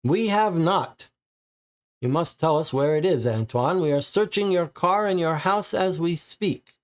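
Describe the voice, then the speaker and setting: A man's voice: a little high, unhurried, pitched above the performer's own voice, close to an everyday voice. A man doing a stern police major. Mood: pressing. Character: stern male police major questioning a suspect. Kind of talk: read-aloud case file role-play.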